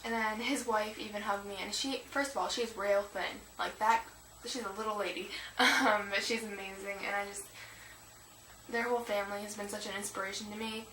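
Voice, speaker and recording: A teenage girl records a casual confessional vlog in a room at home, rambling emotionally with many fillers. Her voice is medium-pitched, fairly quick and pushed and bright, with fairly even intonation. The camera mic sits at a distance, so the audio is echoey and noisy.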